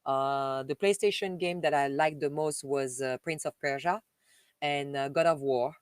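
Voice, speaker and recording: A woman with a French accent chats with her viewers on a live stream in a fairly low voice, affectionate and quick to laugh. Her voice sounds dry and close, with no room echo. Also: clear, resonant tone. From Paris. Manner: chatty and affectionate, often laughing and calling listeners "dear".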